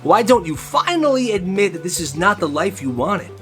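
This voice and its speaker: A man's voice: sits high, big pitch swings, normal speed, fairly bright tone, voice pushed up. A man voicing a cheeky teenage boy firing back an insult at his teacher. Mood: cutting. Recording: faint music behind.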